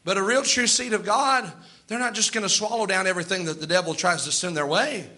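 High bright-voiced guy preaching hard, slows way down to hit his points. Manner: emphatic, preaching with quoted asides and slow stressed lines. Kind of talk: sermon.

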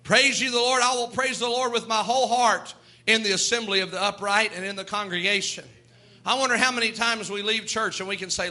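A male pastor's sermon comes in a strikingly high, ringing voice, sharp and bright yet steady in tone. Moving a little fast, he follows a rhythmic cadence between scripture and exhortation, full of fervor.

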